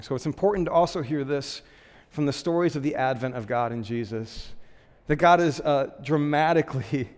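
A man giving a relaxed, conversational sermon in a slightly higher voice, peppering his talk with "like" and "um". His voice rings with a long reverb, as if the room is large. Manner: chatty, frequent "like" and "um" fillers, laughs lightly. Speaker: pastor.

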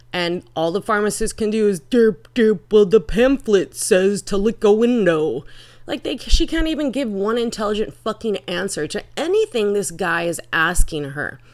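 A woman giving vlog commentary in an emphatic, indignant, profane manner. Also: lowish voice.

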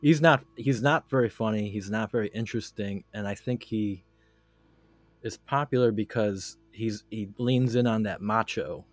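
Lower-voiced man giving blunt opinions. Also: moderate pace, no room sound, faint music behind. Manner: blunt opinions with frequent restarts. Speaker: podcast co-host. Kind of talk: casual chat giving opinions.

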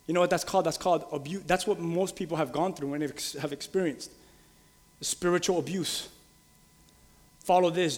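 A man preaching a sermon with passion, asking his congregation direct questions and building to loud, emphatic peaks. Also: on the high side, big-room sound. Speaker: pastor.

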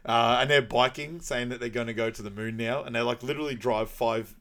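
A man's voice: steady tone, brisk, fairly bright tone. A man casually recapping a movie on a podcast, laughing often and acting out lines. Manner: laughs often, acts out movie quotes in high voices. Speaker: podcast co-host.

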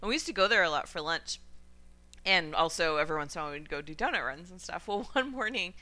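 Bright sharp-voiced woman cohost, gets all fired up ranting, laughs a lot. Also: on the low side, quick pace. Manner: animated, indignant ranting, laughs often. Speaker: podcast co-host. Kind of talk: casual opinionated chat.

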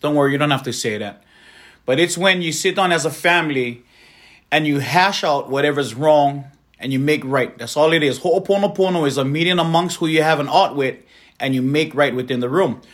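Earnest evangelist man, slightly high. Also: brisk, fairly bright tone. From Hawaii. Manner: earnest, heartfelt storytelling. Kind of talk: personal testimony.

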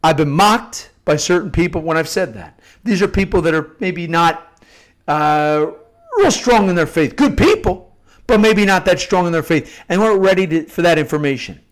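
A middle-aged man with a fairly high voice speaks as a devotional host. He talks off the cuff and earnestly, circling back and repeating words as he builds to a point. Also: expressive, moderate pace. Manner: earnest, repeats and restarts phrases for emphasis. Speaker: Catholic novena host. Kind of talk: spontaneous devotional teaching.

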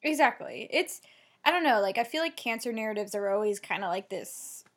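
A woman's voice: mid-range voice, lively intonation, fairly bright tone. A woman co-hosting a casual podcast, chatting through a TV episode and retelling scenes. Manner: chatty, retells scenes with quick quoted lines. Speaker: podcast co-host. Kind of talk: casual chat recapping a TV episode.

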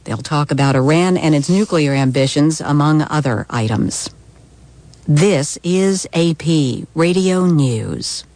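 A woman anchoring a radio newscast in a measured, formal manner. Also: low-pitched, a little mellow, no echo. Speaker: news anchor. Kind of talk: radio news reading.

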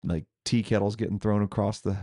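Low gravelly guy rambling through a ghost story on a podcast, lots of little laughs, dry close sound. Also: steady tone, fairly quick, mellow, no echo. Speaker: podcast co-host. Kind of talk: casual chat, telling a ghost story.

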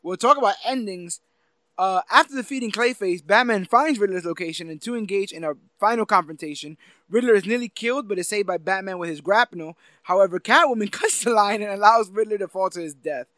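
Quick high-voiced laid-back guy. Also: sharp tone, no room sound. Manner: laid-back, summarizes plot, laughs along. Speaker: podcast co-host. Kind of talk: casual chat.

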